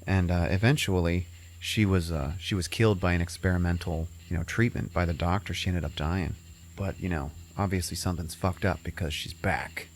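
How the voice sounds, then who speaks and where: A man's voice: low voice, fairly even intonation, fairly quick, slight background noise. A man hosting a podcast, casually retelling a movie plot in a rambling, profane way full of fillers. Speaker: podcast host.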